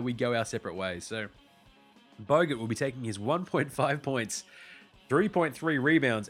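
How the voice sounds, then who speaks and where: An Australian man hosts a sports podcast in a loose, slangy monologue, cursing often. His voice sits at an ordinary pitch but swings up and down with lively energy. Faint guitar music plays behind him. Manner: animated, swears freely, slangy. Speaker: podcast host.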